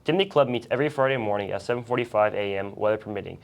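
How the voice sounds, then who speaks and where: A teenage student co-hosting a school news show, reading announcements quickly and steadily. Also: medium pitch, vocal fry.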